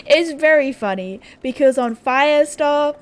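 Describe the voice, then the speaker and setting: A woman's voice: sits high, animated, slow. A young Australian woman chatting casually and sarcastically while playing a game, laughing often. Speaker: gaming YouTuber. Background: faint background music.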